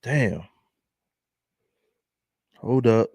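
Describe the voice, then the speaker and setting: A young man with a Philadelphia accent talks to his viewers in a loose, laughing drawl, his pitch swooping up and down. He speaks slowly and lets words stretch out. His voice sits close and dry on the mic, with no room around it. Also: animated, darkish tone, no echo. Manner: laid-back, laughing, drawn-out slang. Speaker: commentary vlogger. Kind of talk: casual commentary to viewers.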